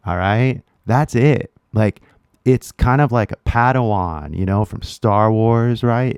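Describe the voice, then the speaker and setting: A man with a Californian accent gives a casual direct-to-camera English lesson in a laid-back, slangy style full of "like" and "right?". His mid-range voice is animated yet a little slow, with a darkish tone and studio-quality sound free of echo.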